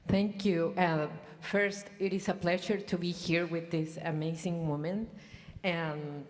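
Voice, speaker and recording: A woman's voice: fairly low pitch, steady tone, unhurried. A woman from Chile whose first language is Spanish, speaking as a government panelist, polite and tentative. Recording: long reverb of a conference hall.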